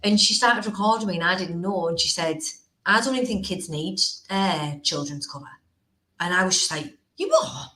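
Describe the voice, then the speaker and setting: A woman hosts a casual podcast and tells animated, blunt stories about her working week. Her voice sits a little low for a woman. The room adds a noticeable echo around her. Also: a little fast, a little hiss or hum. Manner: animated storytelling, blunt and laughing. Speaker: host. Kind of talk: casual chat. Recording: roomy echo.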